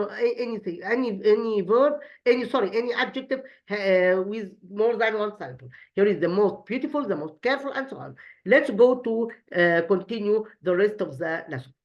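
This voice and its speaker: A woman, an Arabic speaker, teaching an English lesson in a halting way, repeating words and asking questions that she answers herself. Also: mid-range voice, dull audio. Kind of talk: recorded classroom lesson.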